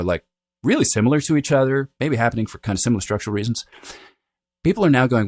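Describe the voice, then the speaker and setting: A man speaking as a dialect coach guest on a podcast, explaining in an animated, lecturing way and often checking in with "right?" and "you know". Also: lowish voice, fairly quick, dry recording.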